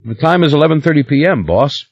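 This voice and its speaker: A man's voice: on the high side, expressive, fast talker, dry recording, dull audio, pitched above the performer's own voice. A man reading an audiobook, voicing a worried, deferential male house servant who answers his boss in a rush. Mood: fretful.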